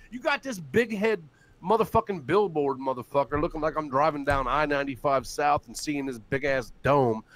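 A young man ranting loudly on a live stream, swearing constantly and laughing in mockery. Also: a little high. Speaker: livestream host.

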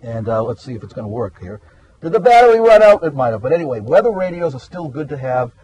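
A man's voice: mid-range voice, fast talker, breathy edge, no room sound, muffled recording. A man, a meteorologist guest explaining things in a rambling, hesitant way. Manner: rambling, hesitant with many uhs. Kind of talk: casual explanatory chat. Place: outdoors in a garden.

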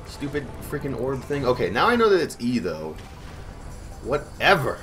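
Silly gamer dude rambling thru a game, bouncy voice, bright tone. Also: male voice, medium pitch, sing-song, normal speed, soft background music. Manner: goofy, rambling, talks to himself while playing. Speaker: gaming channel host. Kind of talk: casual gameplay commentary.

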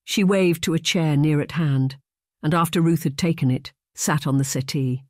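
A man narrating a period romance audiobook in a measured storytelling manner on a close microphone. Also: a little high, fairly even intonation, a little mellow, no echo. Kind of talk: scripted narration.

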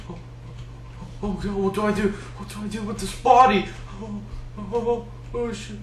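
A man doing goofy, shouty gameplay commentary full of mock panic. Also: high voice, steady tone, a little slow, roomy sound, far from the mic.

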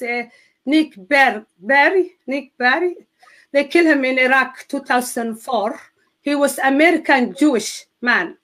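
High-voiced Somali-born woman, halting. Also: fairly bright tone. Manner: halting, non-native phrasing with many restarts. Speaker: guest telling her testimony. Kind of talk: emotional personal testimony.

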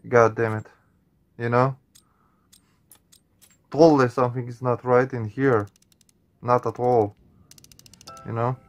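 A gaming channel host with a mid-range, steady voice reacts to a horror game, speaking slowly with long pauses on a muffled recording. Nervous and jumpy, he swears often and calls his viewers "man" and "guys."

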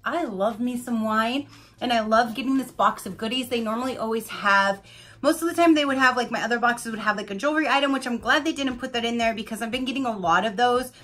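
A woman's voice: a little high, fast talker, fairly bright tone. A woman reviewing an unboxing in a gushing, chatty way and addressing her viewers directly. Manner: gushing, chatty, many "like"s and "you guys". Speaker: unboxing vlogger. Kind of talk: casual product review.

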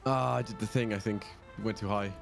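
A man's voice: on the low side, fairly even intonation, a little fast, gravelly, music in the background. A young man, swearing and exasperated while racing in a game with friends. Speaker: gamer. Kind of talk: casual gaming banter.

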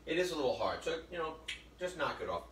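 A man's voice: fairly high pitch, sing-song, fast talker. Chatty male chef in a roomy kitchen. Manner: chatty, joking, addresses viewers as folks. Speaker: chef hosting a cooking demo. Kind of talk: live cooking demonstration with storytelling. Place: kitchen or library demo room. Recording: roomy, distant mic with faint noise.

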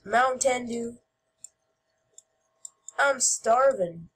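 A woman giving playful gameplay commentary as host, goofy and shouting mock-angrily at other players. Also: a little high, animated, very slow, husky.

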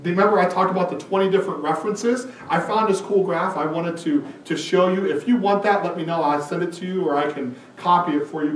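Male pastor, high and expressive delivery, heard from a distance in a reverberant hall, faint room noise. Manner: animated preaching, acts out quoted lines. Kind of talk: sermon. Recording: echoey room, mic at a distance.

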